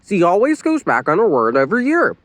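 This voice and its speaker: Male reader doing a hesitant, worried father in a storybook reading, pitched up. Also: wildly swooping pitch, a little fast, fairly bright tone, exaggerated voice. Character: worried middle-aged father.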